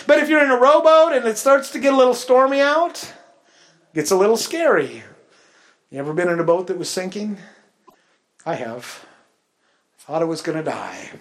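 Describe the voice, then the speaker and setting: A male pastor delivering a sermon with a notably high voice. He moves from loud, lively stretches into soft, hushed prayerful ones. He talks in a friendly, storytelling way to a church. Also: moderate pace, pauses often. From Pacific Northwest, United States.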